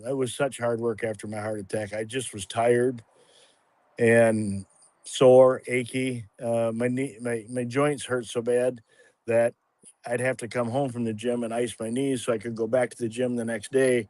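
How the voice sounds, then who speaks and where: Halting man in his sixties, dry sound. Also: mid-range voice, level tone, a little mellow, dry recording. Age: 60s. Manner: rambling, halting, with many restarts and fillers. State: a little emotional at times. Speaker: guest sharing a testimony. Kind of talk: casual spoken testimony on a livestream.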